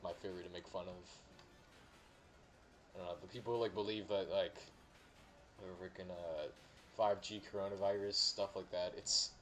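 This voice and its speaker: A man's voice: sits low, fairly bright tone. A young man chatting casually while streaming a game, rambling with many fillers and restarts. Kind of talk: casual gameplay chat.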